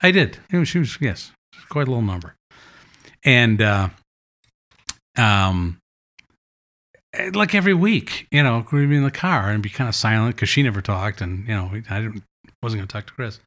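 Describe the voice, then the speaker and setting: A man's voice: lowish voice, normal speed, long pauses. A man telling funny family stories in a casual chat, acting out the lines of the people in them. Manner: animated anecdotes, acting out quotes. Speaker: guest. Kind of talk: casual storytelling.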